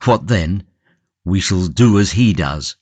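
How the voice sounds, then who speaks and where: A man's voice: deep voice, expressive, slow pace, a little mellow, no echo, full character voice. A man voicing a passionate, stoic imprisoned tulip grower in an audiobook, grave and impassioned. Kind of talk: audiobook character reading.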